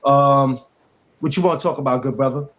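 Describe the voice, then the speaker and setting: A man's voice: medium pitch, brisk, a bit bright. Easygoing man hosting a livestream. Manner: easygoing, laughs a lot, greets viewers. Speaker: podcast host. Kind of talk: casual livestream chat.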